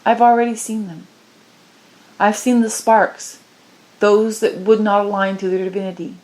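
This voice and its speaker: A woman delivering a channeled spiritual message, pleading with passion and moving from low murmurs to high cries. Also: fairly even intonation, moderate pace, darkish tone.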